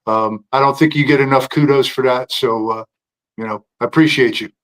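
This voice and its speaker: A man calling in to a talk show, earnest and halting, thanking the host. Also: medium pitch, fairly even intonation, low-quality recording. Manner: halting, many fillers and restarts, earnest. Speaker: caller. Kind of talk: phone-in chat.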